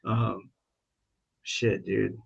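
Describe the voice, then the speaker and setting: A man's voice: on the low side, little pitch movement, very slow, creaky, slightly rough, dull audio. An American man who is a veteran and podcast guest, talking casually, with lots of "dude" and "like". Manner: laid-back, uses "dude" and "like" often.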